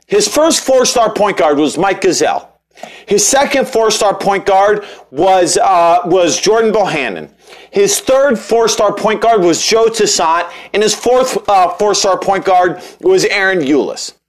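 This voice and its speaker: Young male podcast host with a high voice, loose and joking, talks in restarts. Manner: rambling, joking, frequent restarts and fillers. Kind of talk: casual sports podcast talk.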